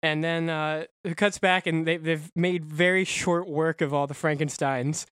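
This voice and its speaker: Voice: medium pitch, fairly even intonation, a little slow, a bit bright, clean tone, dry recording, clean studio sound. A podcast co-host casually recapping a comic book, rambling with fillers and frequent laughs.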